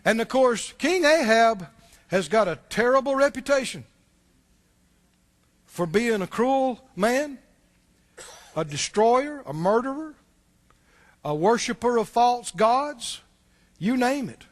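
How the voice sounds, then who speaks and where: A man's voice: extremely high pitch, lively intonation, slow pace, pauses often. A male pastor giving a sermon in a conversational way, often asking the congregation questions and repeating words as he restarts.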